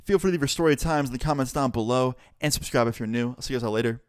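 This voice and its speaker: A young man in a casual storytime vlog, talking in an animated, profane, laid-back way. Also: medium pitch, rapid-fire, clear, resonant tone, no room sound, studio quality. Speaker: vlogger.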